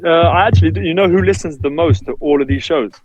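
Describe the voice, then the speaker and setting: A basketball player guests on a podcast, chatting casually, laughing often and acting out what his family says. His voice is on the high side, quick and darkish, and the audio quality is poor.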